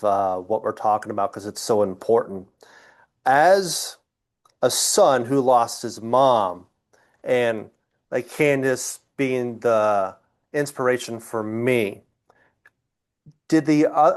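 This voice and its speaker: Sympathetic male interview host. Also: mid-range voice. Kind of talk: interview conversation.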